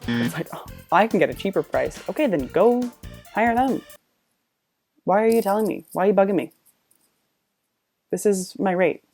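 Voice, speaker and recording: A woman's voice: mid-range voice, animated, normal speed, long pauses, darkish tone, soft background music. A woman commenting on clips in a blunt, exasperated rant, swearing freely. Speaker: reaction commentator. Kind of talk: ranting reaction commentary.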